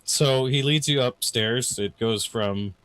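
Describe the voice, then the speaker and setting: A man acting as dungeon master, describing scenes in a loose, halting way with many fillers. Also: medium pitch, a bit bright, clean tone, no echo. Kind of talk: narrating a tabletop game.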